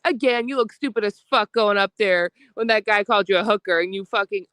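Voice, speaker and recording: A woman's voice: medium pitch, fairly quick, hardly any pauses, a bit bright, clean tone, no echo. A woman co-hosting a livestream, delivering a profane, combative rant with a slightly nasal voice, lying down as she talks. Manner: profane, confrontational, mocks others in put-on voices. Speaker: livestream co-host. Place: lying down at home.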